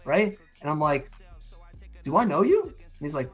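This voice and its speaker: Speaking at normal speed in a husky voice on the high side, slightly raised, a middle-aged stream co-host tells stories in casual chat. He acts out others' lines and curses freely, with faint music in the background.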